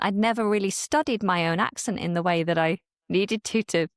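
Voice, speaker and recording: A woman's voice: medium pitch, fairly quick, dry recording, studio quality. A woman from northern England who speaks in trained Received Pronunciation, candidly telling stories as a podcast guest. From Manchester, northern England. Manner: candid, animated storyteller. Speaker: guest, language creator. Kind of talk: conversational podcast interview.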